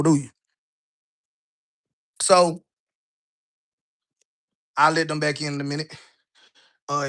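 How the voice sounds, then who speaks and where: A man's voice: sits high, pushed and bright. A man strolls through a house, filming himself on a handheld phone for a live stream. His talk is loose and conversational, and he keeps checking in with the viewers as he goes. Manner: loose, chatty, keeps asking "right?". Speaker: online business coach. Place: indoors in a house, walking room to room.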